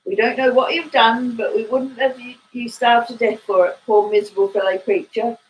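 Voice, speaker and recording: Brief: woman narrator voicing a gentle, simple village blacksmith man in a read-aloud novel, kind and mild. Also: a little high, fairly even intonation, moderate pace, a little hiss or hum, pitched above the performer's own voice, natural voice, poor audio. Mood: kindly.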